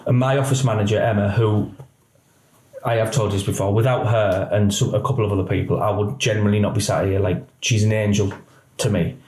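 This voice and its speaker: Fairly low in pitch and brisk, a middle-aged cop guesting on a podcast lays out what happened with candor. He narrates with energy and mimics the people he quotes. Echo from the room is audible.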